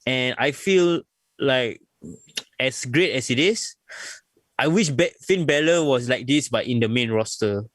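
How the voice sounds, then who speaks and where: A young adult man co-hosting a wrestling podcast, chatting casually and excitedly, laughing often and saying "bro" and "like". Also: mid-range voice, unhurried, dry recording. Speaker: podcast co-host.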